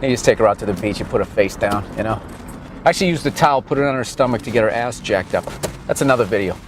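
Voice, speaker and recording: Riding down a city street outside, a man vlogs crude, sarcastic jokes in a profane, comedic riff. He talks fast with lively intonation in a fairly low voice, with background noise audible.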